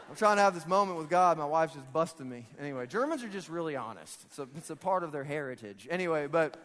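A man in his thirties, a pastor preaching a sermon, telling a personal story in an animated, joking way and often laughing. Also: a little high, fast, few pauses, slight background noise. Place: large church hall. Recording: long reverb of a church hall.

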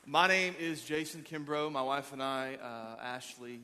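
A man in his thirties, a pastor preaching a sermon, energetic and joking as he rallies the crowd. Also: medium pitch, measured pace, slight background noise. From Arkansas. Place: large church auditorium. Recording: long hall reverb.

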